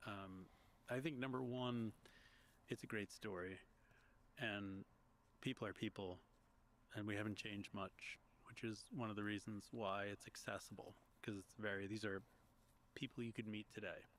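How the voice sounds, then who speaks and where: A guest from Long Island, United States, who works as a history podcaster and author talks reflectively through his story in a conversational interview, restarting now and then. His voice sits lowish and a bit bright, with fairly even intonation and normal speed. Slight background noise is present.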